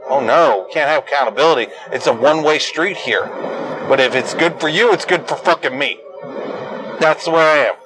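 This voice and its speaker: Young adult male host, high-pitched, swearing, combative rant, bursts into yelling. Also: noisy background. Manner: profane, combative and ranting. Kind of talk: angry solo rant.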